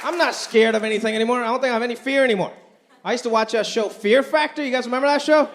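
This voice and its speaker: A man with a higher voice performs stand-up comedy on a live stage, talking with animation and slipping into quoted voices. A crowd is heard faintly behind him, along with some faint noise from the live show. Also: very fast. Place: live stage before a laughing audience.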